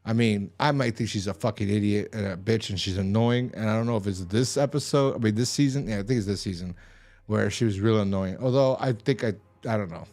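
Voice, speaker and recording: Low-voiced profane man recapping TV. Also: brisk, darkish tone. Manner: rambling, profane, exasperated asides. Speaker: TV episode reviewer. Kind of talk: casual episode recap.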